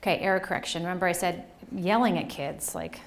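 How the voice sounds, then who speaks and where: A woman from New Jersey giving a lively, conversational workshop presentation to educators, often checking in with the audience. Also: fairly low pitch, fast talker, a little hiss or hum. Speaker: conference presenter. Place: presentation room.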